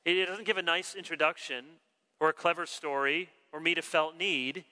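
A man preaching a sermon, animated, acting out the quoted dialogue of his story. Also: a little high, moderate pace. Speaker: pastor. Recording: long reverb of a large hall.

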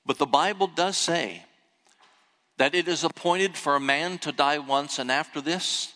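Older pastor preaching in an echoey hall. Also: male voice, mid-range voice. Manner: storytelling, animated emphasis. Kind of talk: sermon. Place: church sanctuary.

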